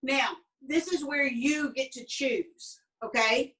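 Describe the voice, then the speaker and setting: A woman's voice: high voice, slow, fairly bright tone, recorded from a distance, poor audio. A Southern woman with a Southern US accent, telling family stories in a chatty, rambling way while teaching a baking lesson. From American South. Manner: chatty storyteller, folksy and rambling. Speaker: cooking instructor. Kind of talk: casual baking demonstration.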